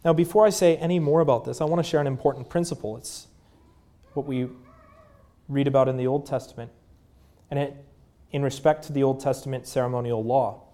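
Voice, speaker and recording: A man in his thirties preaching a sermon in a conversational way, with fillers, dropping to a hushed voice at tender moments. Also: medium pitch, steady tone, a little fast, long pauses. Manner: drops to a hushed voice at moving moments. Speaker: pastor.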